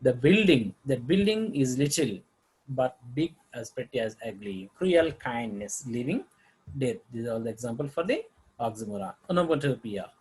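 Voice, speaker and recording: A man's voice: medium pitch, a little mellow, husky, rough recording. A man teaching a lesson on figures of speech, reading examples aloud with frequent halts and restarts.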